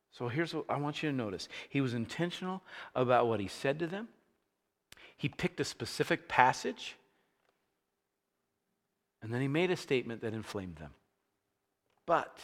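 A man preaching a sermon, telling a Bible story in a conversational, animated way. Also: mid-range voice, moderate pace, long pauses, in a large hall. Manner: animated storytelling, acting out scenes with rising energy. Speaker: pastor.

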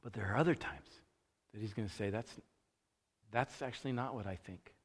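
A man preaching a conversational sermon, casual and animated, acting out the thoughts he quotes. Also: on the low side, brisk, breathy edge. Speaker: pastor. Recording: long reverb of a large hall.

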